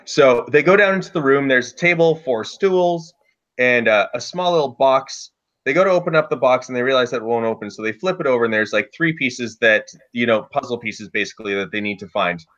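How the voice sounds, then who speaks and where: Guy rambling through a d&d story, mid-pitched voice, kinda dull lo-fi audio. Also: a little fast. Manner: lively, loose storytelling with many "like" fillers. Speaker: dungeon master guest. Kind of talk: casual anecdotal storytelling.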